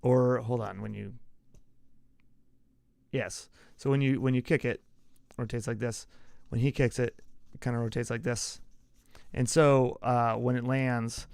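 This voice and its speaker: Gravelly man rambling about sports. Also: medium pitch, steady tone, a little slow, long pauses, a little mellow, dry recording, clean studio sound. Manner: rambling, explains with gestures, self-correcting. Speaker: podcast host. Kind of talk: casual solo sports talk.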